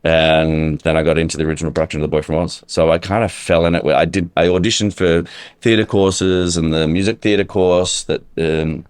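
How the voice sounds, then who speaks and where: Australian male guest, extremely low voice, dry close mic, chatty and self-deprecating. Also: fairly even intonation, moderate pace, clean tone, dry recording. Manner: chatty, self-deprecating storytelling with many ums. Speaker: guest, musical theatre actor. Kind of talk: casual interview chat.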